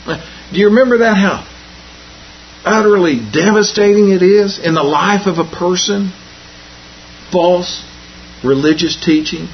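A man's voice: sits high, unhurried, pauses often, slight background noise. A man preaching a folksy Bible lesson, repeating and restarting phrases and telling homespun jokes, on a dull lo-fi recording. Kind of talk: folksy sermon.

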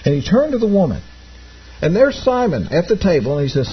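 A man's voice: high voice, big pitch swings, brisk, dull audio, slight background noise. A man preaching a sermon, reading scripture aloud and explaining it in plain asides to his congregation. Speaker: pastor.

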